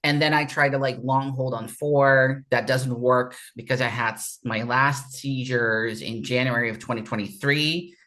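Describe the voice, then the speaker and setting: A man giving candid personal testimony as an interview guest, halting and raw, often restarting and repeating his words. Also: mid-range voice, a bit bright.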